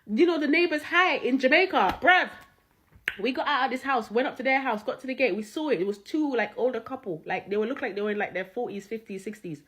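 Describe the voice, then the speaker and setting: A woman hosts a reaction video, telling stories animatedly and swearing freely. Her voice sits high. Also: fast, breathy edge. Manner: animated, swears, laughs often. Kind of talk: casual storytelling reaction.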